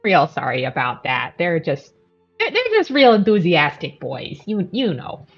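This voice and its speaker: A woman playing a tired, wry mother adventurer who talks in an apologetic, unhurried way. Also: sits low, wildly swooping pitch, husky, muffled recording, faint music behind, exaggerated voice. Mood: weary. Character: weary mother adventurer, Mara.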